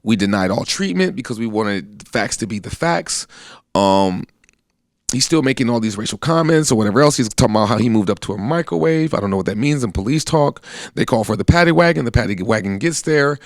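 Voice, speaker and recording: This guest, an American army veteran in his thirties, earnestly shares his story in plain conversational speech, acting out the voices he quotes. His mid-range voice is animated and fairly quick, with clean studio sound and no room sound.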